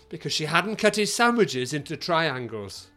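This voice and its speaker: Animated man telling a story. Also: on the high side, soft background music. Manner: playful, doing quick put-on regional accents, laughing often. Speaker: comedy podcast host. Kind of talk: casual comic chat, reading a news story aloud.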